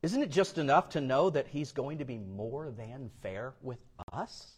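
A man preaching a sermon, swinging between hushed asides and loud emphatic peaks, acting out voices in his stories. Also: medium pitch, measured pace, slightly rough. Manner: dynamic preacher, swings from quiet to loud, acts out quotes. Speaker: pastor.

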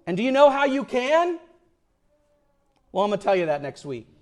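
A male pastor delivering a sermon, swinging between loud declarations and quiet, hushed storytelling. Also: very high voice, sing-song, normal speed.

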